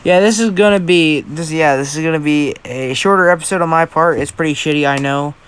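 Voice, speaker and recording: A man's voice: a little high, a little fast, fairly bright tone, clear, resonant tone. A tired young man telling an improvised story casually, rambling, apologizing and swearing.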